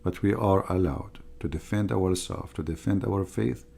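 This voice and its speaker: Gravelly, husky low-voiced man. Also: moderate pace, dark tone. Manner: emphatic, repetitive, non-native grammar. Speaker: religious debater. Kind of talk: livestream monologue.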